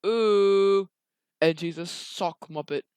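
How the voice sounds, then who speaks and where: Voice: mid-range voice, slow, darkish tone, clear, resonant tone, dry recording, close to an everyday voice. A young storyteller voicing a polite magic mirror that stammers and hedges before every answer. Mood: hesitant. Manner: hesitant, fumbling and deferential. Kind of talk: improvised storytelling while drawing.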